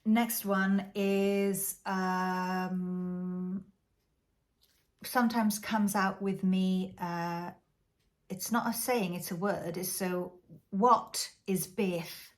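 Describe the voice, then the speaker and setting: A woman's voice: mid-range voice, fairly even intonation, drawn-out words. A Welsh woman, a native Welsh speaker, casually teaching Welsh phrases in a chatty vlog, thinking aloud with many fillers and restarts. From Wales. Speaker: language teacher.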